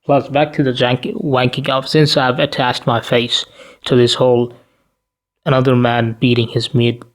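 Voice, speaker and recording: A sleepy man rants straight to camera in an ordinary mid-pitched voice. His talk is crude and cutting, full of rhetorical questions and swearing. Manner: profane, blunt, rhetorical questions. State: tired, sleepy. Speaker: commentary vlogger. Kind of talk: ranting commentary to camera.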